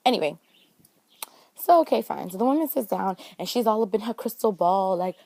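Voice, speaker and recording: A woman's voice: medium pitch, lively intonation, brisk, creaky, dark tone, no echo. Chatty young woman recapping with slangy flair. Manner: chatty, dramatic, slangy, acts out scenes in quoted voices. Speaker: TV recap vlogger. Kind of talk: casual animated recap chat.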